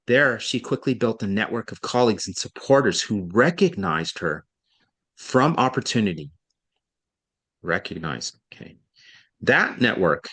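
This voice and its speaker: A man working as a reading tutor, reading a passage aloud and coaching, deliberately stressing key words and slowing down to make a point. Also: sits low, animated, a bit bright, husky.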